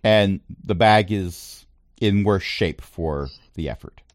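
Man game master, relaxed narration, lowish voice, dry sound. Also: slow pace, no room sound. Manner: relaxed narration, chuckles often.

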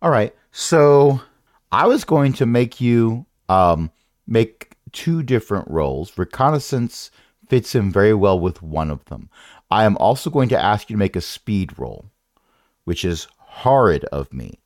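A man's voice: on the low side, very animated, unhurried, a little mellow, no echo, clean studio sound. A man running a tabletop game as game master, rambling and correcting himself with wry asides.

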